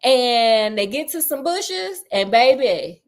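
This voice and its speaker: Casting: chatty woman storyteller, slangy and playful, a touch high. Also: sing-song, slow pace. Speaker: storyteller host. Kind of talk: casual retelling of a classic story.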